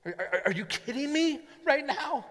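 A man voicing a panicked young male servant who shouts in a high, urgent voice. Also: measured pace, big-room sound. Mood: exasperated.

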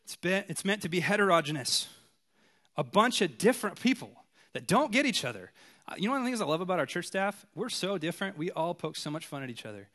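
A man preaching a sermon in a loose, chatty way, animated and full of asides. His voice sits on the higher side for a man. He addresses the congregation like friends. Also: fast. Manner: casual, animated, conversational preaching. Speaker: pastor.

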